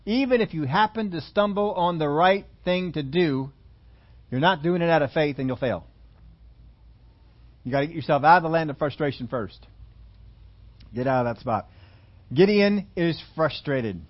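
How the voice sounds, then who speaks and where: A man preaching a sermon, slowing down and stressing key phrases and repeating points for his listeners to note down, now and then chuckling at his own jokes. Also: a little high, lively intonation. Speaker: pastor. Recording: dull lo-fi sermon audio.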